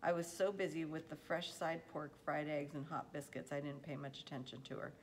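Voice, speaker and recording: A woman reading a children's novel aloud in a steady, unhurried storytelling manner. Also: sits low, a little hiss or hum, poor audio. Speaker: audiobook reader.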